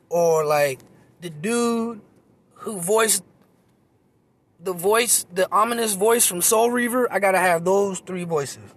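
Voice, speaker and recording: A man, a comedian, talking in a rambling, profane, self-mocking monologue, recorded on a phone outdoors in a park. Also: sits high.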